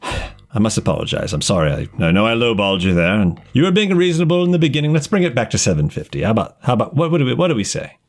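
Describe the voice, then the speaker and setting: A man voicing a smooth-talking cartel negotiator, overly polite and halting, in a lower voice than his own. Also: big pitch swings. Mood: smarmy.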